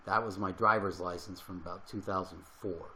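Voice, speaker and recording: A man's voice: deep voice, fairly even intonation, normal speed, pushed and bright, echoey room, poor audio. An older man and health coach talking casually on a livestream, earnest and rambling with fillers.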